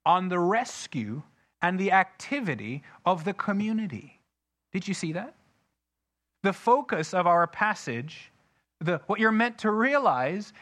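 A pastor with a high, sharp-toned voice delivers a sermon, reading scripture aloud with heavy emphasis. He often puts questions to the congregation.

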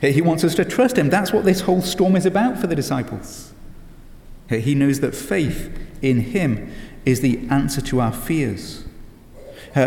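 A man's voice: fairly high pitch, lively intonation, moderate pace, gravelly, darkish tone. A man preaching a sermon in an earnest way, with many "uh" fillers and rhetorical questions. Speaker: pastor. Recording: echoey hall with long reverb.

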